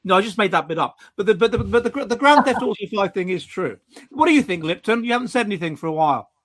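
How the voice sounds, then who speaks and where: A man with a high, bright, forceful voice, talking animatedly in a casual chat. He stumbles and restarts his sentences often. His tone turns mocking as he goes. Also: expressive, quick pace. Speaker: podcast co-host.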